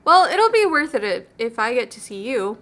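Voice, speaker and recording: A sarcastic teenage daughter who teases her dad in a lively, high voice, as a woman acts her out. The sound is bright and forward. The delivery is snappy, sitcom-style, in a dating-game reading. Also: moderate pace. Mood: teasing.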